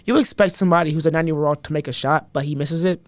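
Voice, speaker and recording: A man's voice: fairly high pitch, racing, no room sound, studio quality. A man guest on a podcast, chatting casually and animatedly, rambling with lots of restarts. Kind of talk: casual chat.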